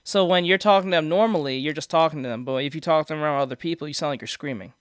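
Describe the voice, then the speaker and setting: This streamer speaks rapid-fire in a smooth, slightly high voice, casually responding to viewers with rambling explanations, frequent restarts, and laughter at his own jokes. The desk microphone captures clean studio audio with no room sound.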